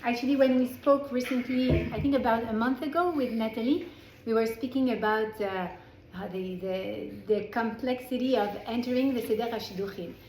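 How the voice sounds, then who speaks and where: Woman, French accent, chatty class teacher, restarts a lot, slightly high voice, roomy echo. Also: normal speed, darkish tone, a little hiss or hum. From France. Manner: chatty, self-correcting, with frequent restarts. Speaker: Torah teacher. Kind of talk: informal class lecture. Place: indoor class room with a small group.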